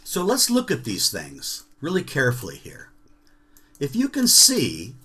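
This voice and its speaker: A man's voice: mid-range voice, huge pitch swings, a little slow, sharp tone, breathy edge. A man leading an online jazz workshop, chanting rhythm syllables and checking in with students over a video call.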